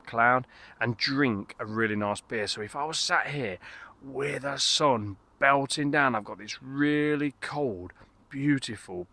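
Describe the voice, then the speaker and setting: A man's voice: mid-range voice, sharp tone. A middle-aged man, reviewing a beer outdoors in a casual, rambling, enthusiastic way, full of fillers and restarts. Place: outdoors in a garden.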